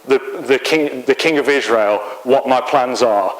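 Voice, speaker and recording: A man's voice: medium pitch, steady tone, brisk, few pauses, rough recording. A man with an English accent preaching a sermon in church, telling a Bible story conversationally with light humor.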